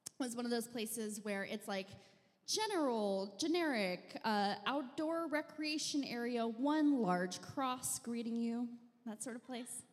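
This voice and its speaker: A young woman telling a funny personal story on stage in a wry, self-mocking, deadpan way. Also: fairly high pitch, unhurried. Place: live venue stage. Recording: long hall reverb.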